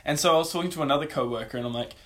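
A man's voice: a little high, very fast, a bit bright. A young man, telling a spooky personal story on a casual podcast, rambling and swearing as he acts out the voices.

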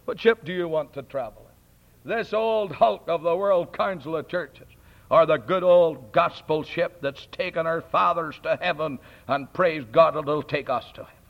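A man preaching an impassioned sermon, mocking his opponents and bursting into shouts. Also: a little high, moderate pace. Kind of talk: fiery sermon. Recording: dull lo-fi old recording.

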